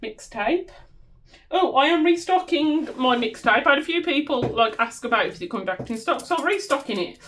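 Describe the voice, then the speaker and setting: Woman, Black Country accent, fairly high voice, casual vlog chat, laughs at herself, slight background hiss. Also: expressive, moderate pace, fairly bright tone. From West Midlands, England. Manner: chatty, laughs at herself, hums tunes. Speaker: budgeting vlogger. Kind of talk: casual chat while cash stuffing.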